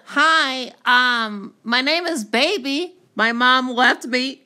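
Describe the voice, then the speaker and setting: A man voicing a clingy, sweet male baby monster with a soft, childish delivery, in a comedy dub. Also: very high voice, slow, full character voice.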